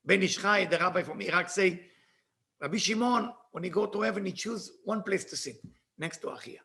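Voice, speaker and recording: Bright, gravelly man telling a lesson story. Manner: animated, bursts into shouting at dramatic moments, then drops low; reads passages aloud in fast Hebrew, then translates. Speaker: Kabbalah teacher. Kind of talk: retelling a story.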